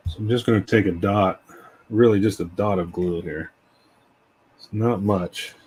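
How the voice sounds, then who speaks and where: A man casually talking through a scale model build as he works, relaxed and rambling. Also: lowish voice, measured pace, slight background noise, poor audio. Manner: relaxed, rambling, tells stories while working.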